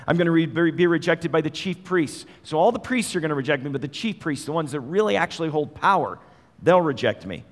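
A man's voice: fairly high pitch, lively intonation, a little fast, long reverb tail. A man preaching a sermon in a conversational way, asking his listeners direct questions. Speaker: pastor.

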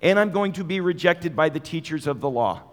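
A man's voice: a little high, expressive, fairly quick, in a large hall. A man preaching a sermon in a conversational way, asking his listeners direct questions. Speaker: pastor.

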